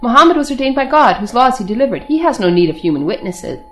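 A woman's voice: fairly high pitch, sing-song, quick pace, fairly bright tone, soft background music. A woman reading the lines of a scheming male court philosopher who argues and challenges. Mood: challenging. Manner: argumentative, challenging.

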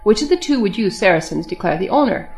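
A woman reading the lines of captive male saints who answer calmly and firmly, reasoning from scripture. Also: medium pitch, fast talker, soft background music, natural voice. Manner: calm, reasoning, quoting scripture. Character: captive male Christian saints, calm and firm.

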